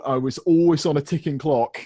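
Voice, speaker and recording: Excitable man with a husky voice. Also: a little high, quick pace. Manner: excitable, exclaiming. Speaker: player. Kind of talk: casual chat.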